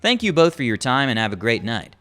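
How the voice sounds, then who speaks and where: Man plays a patient, firm front-desk supervisor with a lively delivery. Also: medium pitch, a little fast, faint music behind. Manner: polite, firm, procedural.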